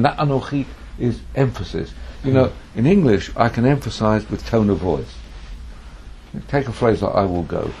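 A man's voice: on the low side, moderate pace, darkish tone, slight background noise. A man teaching a lesson on a biblical text, reading Hebrew verses aloud, translating them, and giving quoted speech dramatic emphasis. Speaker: Bible teacher.

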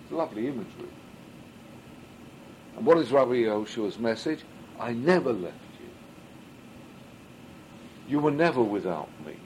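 A man's voice: mid-range voice, lively intonation, moderate pace, long pauses, darkish tone, a little hiss or hum, rough recording. A man teaching a Midrash class as a rabbi, reading Hebrew and then translating it, and asking rhetorical questions that he answers himself. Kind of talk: Midrash study lesson.

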